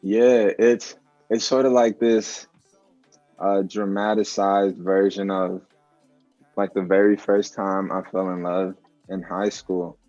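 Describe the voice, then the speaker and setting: A man's voice: sits low, slow, no echo, faint music behind. A young man, a musician guest, talking reflectively in a casual interview over a video call, filler words throughout. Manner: relaxed, reflective, says "like" often. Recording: dull lo-fi call audio.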